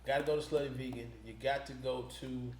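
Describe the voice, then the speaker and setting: A man from Atlanta, a podcast guest, chatting casually in a relaxed, slangy, rambling way. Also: medium pitch, fairly quick. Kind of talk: casual chat. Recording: roomy studio sound with faint noise.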